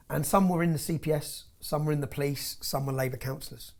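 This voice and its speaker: A man's voice: a little high, fairly even intonation, a little fast, vocal fry, darkish tone. A man telling his story as an interview guest, intense and emphatic, often tagging his points with "yeah?". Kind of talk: heated personal storytelling.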